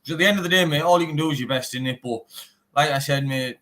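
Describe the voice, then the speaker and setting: A man's voice: a little high, fast, fairly bright tone. Blunt Teesside man, says mate constantly. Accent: Teesside English. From England. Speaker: bare knuckle fighter. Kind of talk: casual interview chat.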